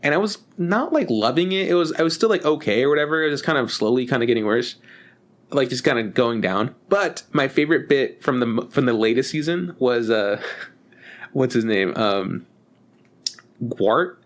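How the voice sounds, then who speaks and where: A young man co-hosting a podcast in casual chat, rambling and swearing as he acts out scenes in quick put-on voices. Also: medium pitch, lively intonation. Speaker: podcast co-host.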